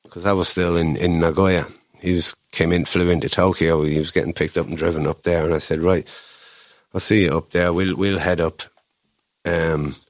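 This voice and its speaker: Irish guy telling a long story, deep voice, keeps restarting, dry mic. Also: no room sound. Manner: rambling, with restarts and acted-out quotes. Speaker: guest. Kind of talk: casual anecdotal storytelling.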